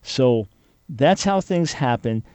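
A man's voice: mid-range voice, animated, slow pace, darkish tone, dry recording. Earnest, emphatic male radio host. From Jewish follower of Jesus. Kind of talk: call-in radio talk.

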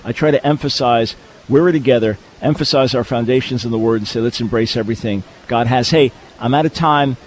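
A man hosting a live call-in radio show, talking in an energetic, emphatic, preacherly way. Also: medium pitch, brisk, slight background noise. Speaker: radio talk show host. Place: hotel convention venue.

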